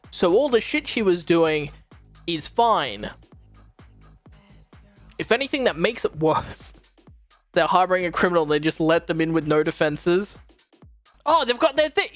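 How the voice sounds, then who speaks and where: A woman's voice: medium pitch, no room sound. Exasperated, profane young woman streamer. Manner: exasperated, profane, animated retelling. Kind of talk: casual reaction commentary.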